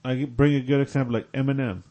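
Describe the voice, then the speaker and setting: A man in a casual podcast discussion, making his points calmly with examples. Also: medium pitch, quick pace, muffled recording. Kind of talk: casual debate among friends.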